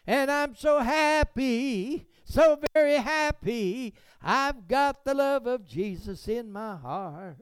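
A beaming, gushing churchgoer, as a preacher puts him on, stretches every word out in a high, sing-song lilt. He sounds overjoyed and syrupy. The sound is clear and dry. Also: animated, slow pace, few pauses, dry recording, heavily acted.

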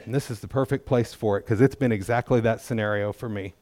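A man's voice: fairly low pitch, fairly even intonation, fast talker, a little mellow, no room sound. A middle-aged man giving a testimony in church, talking in a folksy, conversational way with self-deprecating humor. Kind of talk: sermon testimony.

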